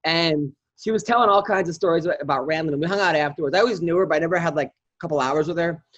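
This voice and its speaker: A man on a podcast telling profane, animated stories in a casual chat. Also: on the high side, racing. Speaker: podcast guest comedian. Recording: dull lo-fi audio.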